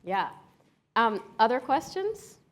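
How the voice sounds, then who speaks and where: A woman leading a live workshop, answering audience questions in an energetic, emphatic, conversational way. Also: a little high, slow pace, slight background noise. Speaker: workshop leader.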